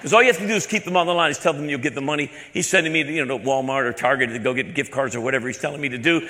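A man doing stand-up, telling a story in an animated, rapid way on stage in a large hall. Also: fairly high pitch. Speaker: stand-up comedian.

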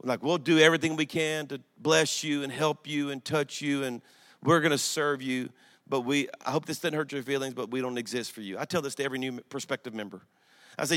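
A middle-aged man, preaching a sermon in a church, telling a story with emphasis and swinging from loud outbursts to hushed asides. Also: on the high side, steady tone, brisk, a faint crowd. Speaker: pastor. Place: church sanctuary. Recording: long hall reverb in a church.

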